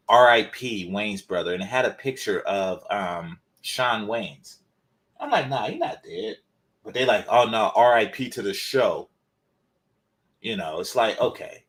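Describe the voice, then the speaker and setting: A man hosting his channel, talking through a topic in loose, rambling casual commentary with many fillers, his voice a little congested from a developing cold. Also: medium pitch. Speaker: channel host.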